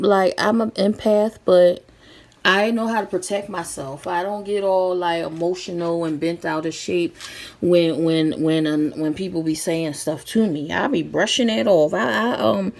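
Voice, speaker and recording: A woman's voice: fairly low pitch, gravelly. A woman telling a story in a casual, rambling way, with many fillers and restarts, speaking. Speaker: vlogger.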